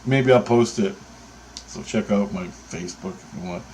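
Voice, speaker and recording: A man's voice: lowish voice, normal speed, a little mellow, slight background noise, poor audio. A man telling an angry, profanity-laced story about his bird photography, talking in a heated, sarcastic way. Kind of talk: angry ranting anecdote.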